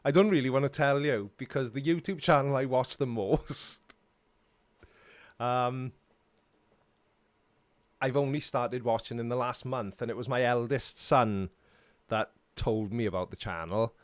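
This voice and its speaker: A man's voice: mid-range voice, unhurried, pauses often, no room sound. A middle-aged Welsh man hosting a casual live-stream Q&A, reading viewer comments and answering them in a chatty, self-mocking way. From Wales.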